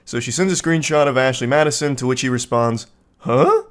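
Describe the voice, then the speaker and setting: A man giving comedic commentary on text message screenshots, sardonic, deadpan and profane. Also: medium pitch, quick pace, clean tone. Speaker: online commentator.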